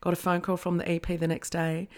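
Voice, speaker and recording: A woman chatting as a guest, telling a story in an animated way and acting out what others said. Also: fairly low pitch, fast talker, clean tone. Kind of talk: storytelling in a podcast interview.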